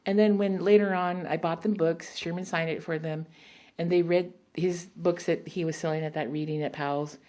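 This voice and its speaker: A woman's voice: lowish voice, steady tone, normal speed, dark tone. A woman poet at a public reading, telling rambling personal stories between poems and laughing often. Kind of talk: storytelling talk between poems.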